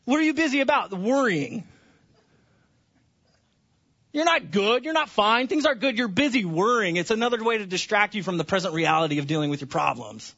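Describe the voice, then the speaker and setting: A man preaching a sermon to his congregation, passionate, dropping to hushed tones and then rising to near-shouts. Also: high voice, animated, brisk, highs cut off. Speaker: pastor.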